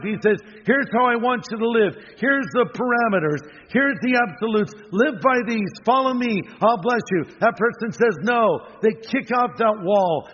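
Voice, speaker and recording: A man's voice: high-pitched, a bit bright, slight background noise. Older male preacher in a reverberant hall. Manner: earnest preaching with conversational asides. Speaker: pastor. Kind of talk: sermon. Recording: long hall reverb, dull lo-fi sound.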